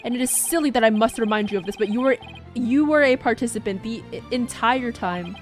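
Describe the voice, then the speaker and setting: A woman's voice: on the high side, fairly quick, soft background music, lightly acted. A woman voicing a haughty male prosecutor in a video game, speaking in a clipped, contemptuous way.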